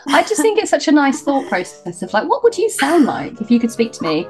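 A British woman co-hosts a casual chat, musing wryly and laughing as she talks. Her voice sits a little high for a woman. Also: huge pitch swings, brisk, a little mellow, soft background music. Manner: chatty and wry, muses with a laugh. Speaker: podcast co-host.

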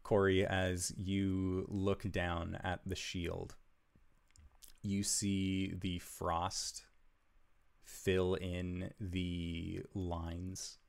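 A man narrating as game master for a tabletop game in a slow, measured, hushed storytelling manner. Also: deep voice, monotone, creaky, smooth.

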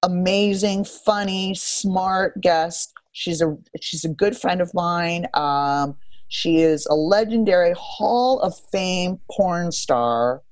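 Low-voiced woman co-host, blunt and profane. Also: takes it slowly, dry recording. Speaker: podcast co-host. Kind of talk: casual podcast chat.

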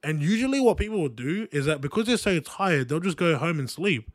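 A man's voice: fairly high pitch, sing-song, a little fast, dry recording, studio quality. A young Australian man hosting a podcast, telling a personal story in an earnest, rambling way, often checking in with his listeners. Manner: earnest, repetitive, with frequent "right?" and "guys" asides. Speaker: podcast host. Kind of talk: casual motivational monologue.

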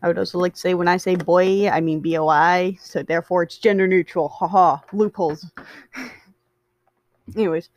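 A woman's voice: fairly low pitch, steady tone, moderate pace, a little mellow, no room sound. A woman reading fan fiction aloud. She stumbles over words, corrects herself, and adds chatty asides. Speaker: story reader.

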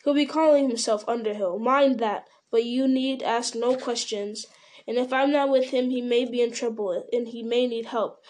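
A woman voicing a hasty old male wizard, speaking briskly and urgently in an audiobook. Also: fairly high pitch, steady tone, a little mellow, natural voice.

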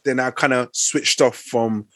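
A man's voice: medium pitch, steady tone, fairly bright tone, dry recording. A man in a casual chat, often repeating words as he gets going. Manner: halting, repeats words as he starts.

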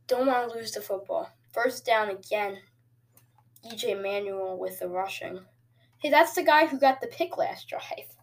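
A woman hosting casual video game commentary, excitable and jokey, with sudden cheers and quiet asides. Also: mid-range voice, a little slow. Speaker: host.

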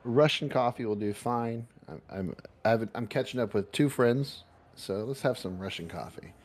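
A man's voice: mid-range voice, moderate pace, a little mellow. A man playing his character in a tabletop game, jokey and often laughing. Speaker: player.

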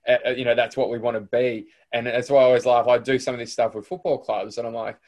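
A man's voice: medium pitch, flat delivery, fast, darkish tone. A man with an Australian accent hosting a podcast, talking in a loose, rambling way full of restarts. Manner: rambling, lots of fillers and restarts. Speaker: podcast host. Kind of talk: casual interview chat.

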